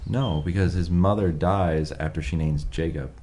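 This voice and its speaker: A man with a very low voice chats on a podcast with friends. He explains things quickly and with plenty of life. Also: warm tone. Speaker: podcast co-host. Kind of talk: casual group chat.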